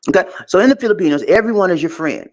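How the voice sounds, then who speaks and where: American male vlogger, lively and expressive, fairly high voice, laughs a lot. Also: very fast, highs cut off. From United States. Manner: animated storytelling, laughs often. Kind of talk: casual advice monologue.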